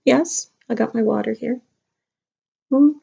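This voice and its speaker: A middle-aged kindergarten teacher chatting playfully to young children during a craft lesson at home. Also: female voice, a little high, measured pace, vocal fry, warm tone, slightly rough. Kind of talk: casual craft lesson to camera. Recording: dull lo-fi home video.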